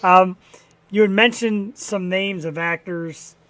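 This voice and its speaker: A man's voice: sits high, slow, bright, forceful tone. A male podcast host who jokes around and laughs often while interviewing a guest.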